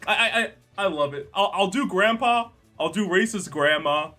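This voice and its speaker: Young man, jokey livestream host, slightly high voice, faint background music. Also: expressive, moderate pace, pushed and bright. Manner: chatty, jokey, reads chat aloud. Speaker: streamer. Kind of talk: casual livestream chat.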